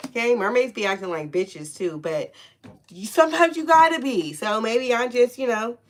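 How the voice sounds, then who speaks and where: A woman giving a casual spiritual tarot reading, loose and profane, laughing often and stretching out soft repeated words. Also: a little high, lively intonation, normal speed. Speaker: tarot reader.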